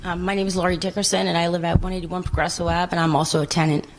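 A woman's voice: fairly low pitch, little pitch movement, very fast, a little hiss or hum, poor audio. A woman, a tenant, giving a plain, indignant public comment at a city council meeting.

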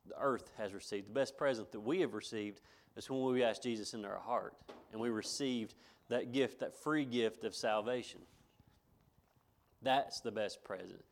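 A man's voice: lowish voice, moderate pace. A middle-aged pastor, preaching a folksy sermon to his congregation, repeating himself and chuckling between points.

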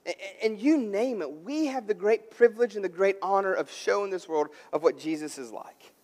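A man in his thirties delivers a sermon with a fairly high voice that swells to loud emphasis and falls away to near-quiet asides. He often stammers and restarts a phrase. The sound carries the long reverb of a large church hall. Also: brisk. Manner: emphatic preaching, swelling louder and softer, repeated stammered restarts. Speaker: pastor.

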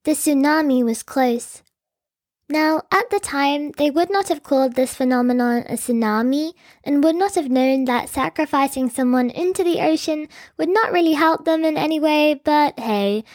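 A woman's voice: high-pitched, a little mellow, no room sound, studio quality. A woman telling a historical story in scripted narration with lightly wry asides.

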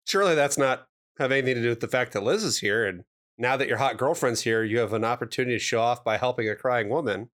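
A man's voice: mid-range voice, fast talker, a bit bright. Wry man recapping a show. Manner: dry, wry wordplay and explanations. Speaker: podcast co-host. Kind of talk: casual recap chat.

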